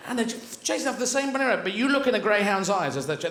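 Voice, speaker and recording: A man's voice: high-pitched, animated, very fast, noisy background. Rambling, whimsical male stand-up comic. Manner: rambling, whimsical, switching into voices. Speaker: stand-up comedian. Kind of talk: live stand-up comedy. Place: large theatre stage. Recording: echoey live venue, loud audience laughter. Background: audience laughter.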